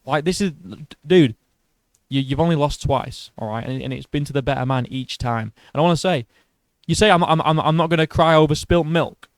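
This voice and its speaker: A man's voice: a little high, brisk, dry recording. Blunt, mocking male commentator. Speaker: boxing commentator. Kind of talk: reaction commentary.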